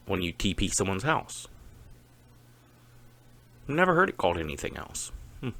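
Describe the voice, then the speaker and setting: A man with a Texas accent, giving a slow, deliberate and opinionated casual monologue to camera as a vlogger. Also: sits low, very animated, gravelly, a bit bright, dry recording.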